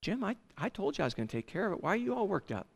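A calm, reassuring Lord who chides gently in a soft, quick voice, as a man preaching a sermon puts him on. The tone stays quiet and steady throughout. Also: fairly high pitch, long reverb tail, exaggerated voice. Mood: gently chiding.

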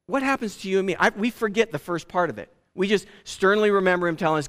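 A man preaching a sermon from the pulpit in a lively, conversational way. His voice sits high for a man, and he often restarts his sentences as he goes. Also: fast. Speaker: pastor.

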